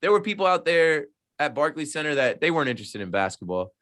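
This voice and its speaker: A man's voice: a little high, fast. Man, from the Jersey shore, sports radio host, casual podcast chat, emphatic, acts out quotes. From New Jersey shore. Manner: emphatic, acts out quoted exchanges in lively voices.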